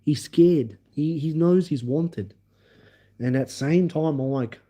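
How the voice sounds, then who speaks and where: A man hosting a livestream, telling a story in an animated, emphatic way and acting out the scenes. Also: a little high, slow pace. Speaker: livestream host. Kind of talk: casual storytelling.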